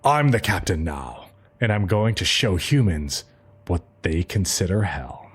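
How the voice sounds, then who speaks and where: Man doing low, sneering evil possessor voice, offhand podcast impression. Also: sing-song, a little slow, slightly rough, exaggerated voice. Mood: gloating. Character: evil possessing spirit, menacing male.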